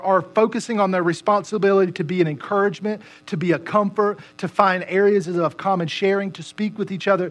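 A man's voice: high voice, a bit bright. A middle-aged man, preaching a sermon in a conversational, self-deprecating and joking way. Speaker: pastor.

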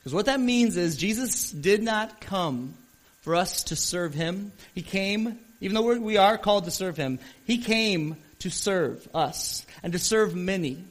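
A man preaching a sermon as pastor, retelling a Bible story earnestly with shifts in pace and loudness. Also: high voice, lively intonation, unhurried.

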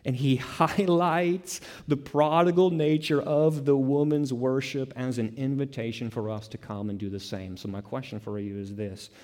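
A man's voice: medium pitch, fairly even intonation, normal speed, hardly any pauses, darkish tone. A man preaching a sermon, emphatic, piling up repeated words and rising into bursts. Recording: long hall reverb.

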